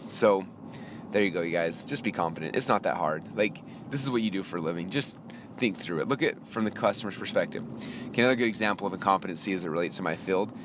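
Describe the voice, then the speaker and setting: A man's voice: deep voice, animated, background noise. A man hosting a podcast, telling a story in a casual ranting monologue and acting out both sides of the conversation. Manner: gets heated and fast when exasperated. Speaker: podcast host. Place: inside a car.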